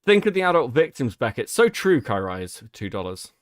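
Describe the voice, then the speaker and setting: A man's voice: mid-range voice, sing-song, moderate pace, no room sound, clean studio sound. Mocking British man on a stream. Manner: profane, mocking, loud outbursts. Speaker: streamer host. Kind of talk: live-stream commentary.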